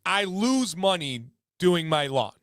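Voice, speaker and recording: A man's voice: sits high, big pitch swings, slow pace, a bit bright, dry recording. A man hosting a casual livestream chat from a home studio, talking emphatically and repeating words for stress. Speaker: livestream host.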